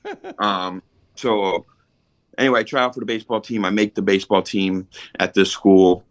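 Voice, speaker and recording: A man spins long, streetwise stories from his past, swearing as easily as he breathes. His voice sits very low, and the recording is dry and close, with no room around it. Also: fairly even intonation, normal speed, dry recording. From Philadelphia. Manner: rambling, streetwise, swears casually. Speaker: podcast guest. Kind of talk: casual storytelling.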